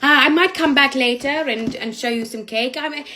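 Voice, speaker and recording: A young woman telling a story to camera in casual, sweary talk, often breaking into loud laughter. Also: high voice, moderate pace, slight background noise, rough recording. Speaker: vlogger.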